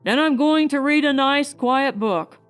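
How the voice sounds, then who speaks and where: A woman reading the lines of a shaken, exhausted husband who mutters in a hoarse, weary voice. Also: very high-pitched, unhurried, a bit bright, no room sound, faint music behind, pitched above the performer's own voice.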